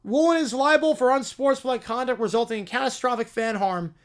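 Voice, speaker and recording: A man's voice: extremely high pitch, brisk. A man playing a curt, stern judge. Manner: dry, curt rulings. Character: stern, exasperated male judge.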